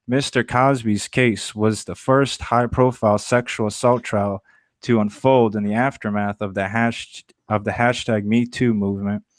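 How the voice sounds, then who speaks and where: A man reading the headlines in a podcast's mock nightly news segment, using a formal anchor delivery. His mid-pitched voice sounds dry and close. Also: dry recording. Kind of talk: casual chat, then mock newscast reading.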